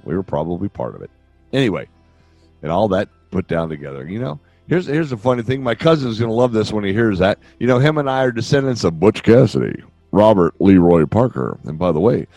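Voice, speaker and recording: An older man hosts a podcast, offering relationship advice in a casual, joking monologue that keeps drifting onto tangents. His voice is medium-pitched, with no echo.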